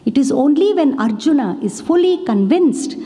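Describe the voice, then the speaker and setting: A woman's voice: high voice, lively intonation, moderate pace, mellow. A woman giving a devotional talk with stories, earnest and often adding "you know" and "isn't it". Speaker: devotional speaker. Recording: long hall reverb.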